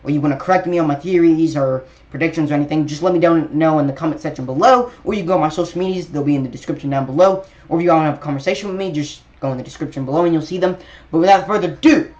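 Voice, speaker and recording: A young man chats his way through a trailer breakdown for his channel, stumbling and restarting as he goes. His voice sits a little high. The recording is muffled and lo-fi. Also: a little mellow. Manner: rambling, many fillers and restarts. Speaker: YouTube trailer reviewer.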